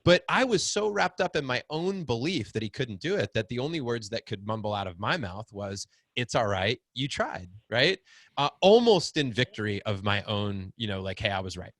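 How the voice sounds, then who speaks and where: A middle-aged man telling a story in casual conversation, acting out quotes with big swings in pitch. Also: moderate pace, no room sound. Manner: animated, acts out quotes with big pitch jumps. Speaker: podcast guest, fatherhood group founder.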